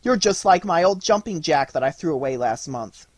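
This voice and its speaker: A cheeky, fault-finding young boy in a storybook, as a man reading aloud puts him on. He talks eagerly with a slightly husky, lively voice in a dry room. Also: on the high side, moderate pace, no room sound, voice pushed up.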